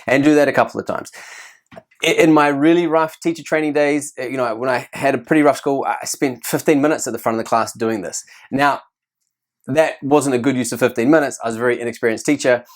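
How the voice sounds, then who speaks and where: A man's voice: mid-range voice, steady tone, a little fast. A chatty male teacher talks to camera and gives classroom tips. He pokes fun at himself now and then. His voice sits in an ordinary middle range. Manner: chatty, self-deprecating. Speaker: teacher and video host.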